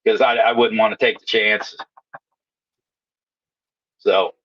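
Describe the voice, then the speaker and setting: A man's voice: lowish voice, flat delivery, takes it slowly, fairly bright tone, slightly rough. Laughing man on lo-fi audio. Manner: laughs often, rambling, swears. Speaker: podcast co-host. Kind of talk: casual stoner chat.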